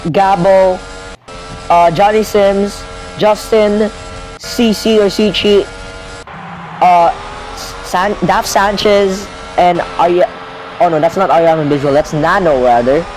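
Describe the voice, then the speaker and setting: A young man commentating a video game race live, rambling and correcting himself, getting excitable when cars crash out. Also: high-pitched, slow, pauses often, faint music behind, low-quality recording.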